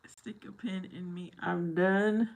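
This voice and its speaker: Slow, gravelly woman chatting with viewers. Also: on the low side, steady tone. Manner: giggly, silly. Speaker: livestream host. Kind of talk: casual chat with viewers.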